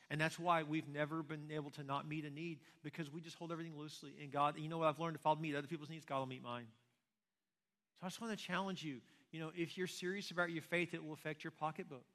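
Quick pastor guy preaching, kinda high voice, big hall echo. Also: a bit bright. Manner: conversational preaching with rhetorical questions. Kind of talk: sermon. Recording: long reverb of a large hall.

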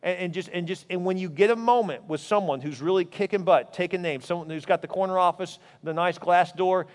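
A man preaching a sermon as pastor, telling stories in an animated way. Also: brisk, long reverb tail. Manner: animated storytelling, voice rising high in anecdotes.

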